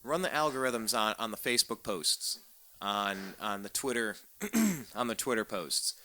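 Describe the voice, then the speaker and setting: Brief: man, radio talk host, bright edgy tone, sarcastic rant with stumbling repeats. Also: fairly low pitch, lively intonation, a little slow. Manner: sarcastic, ranting, repeats words when fired up. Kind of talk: political talk radio monologue.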